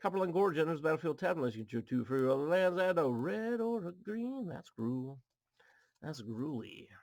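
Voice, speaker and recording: Brisk and expressive, a man with a slightly high, slightly mellow voice hosts a card pack opening in his home apartment, with no echo. He chats casually as he opens cards, reading the text aloud and adding goofy asides.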